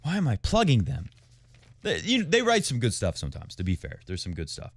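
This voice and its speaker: A man's voice: mid-range voice, wildly swooping pitch, fairly quick, dry recording. Man, tennis show host, casual commentary, rambling and chatty, dry close sound. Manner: rambling, chatty, jumps between tangents. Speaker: tennis podcast host and tennis coach.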